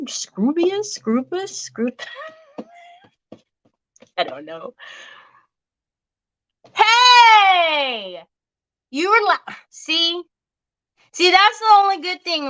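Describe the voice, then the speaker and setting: A woman's voice: a little high, sharp tone, rough recording. A woman hosting a crafting livestream, chatting casually and joking at her own expense while she works. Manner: chatty and self-mocking, often laughing.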